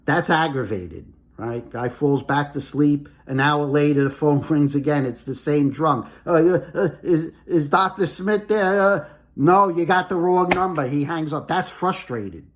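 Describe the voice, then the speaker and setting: A man's voice: on the high side, a little slow. A man giving an angry, emphatic monologue about the markets, who keeps tagging his points with "okay?" and "all right?". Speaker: market commentator. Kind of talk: casual ranting monologue.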